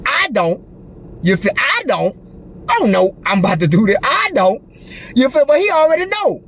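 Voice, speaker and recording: A man with a high, lively voice tells a story in a casual monologue, leaning hard on street slang and profanity. His pitch swings widely, and he keeps asking the listener if they follow him. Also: moderate pace, slightly rough. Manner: animated, profane street slang, repeats "you feel me". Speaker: vlogger telling a personal story.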